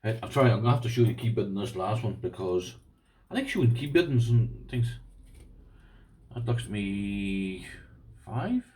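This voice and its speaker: A man with an Irish accent and a somewhat low voice talks casually to his viewers. He rambles with restarts and sounds chatty and appreciative as he looks over padlocks. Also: animated, normal speed, long pauses, a little mellow. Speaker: lock-picking vlogger. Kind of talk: casual unboxing chat.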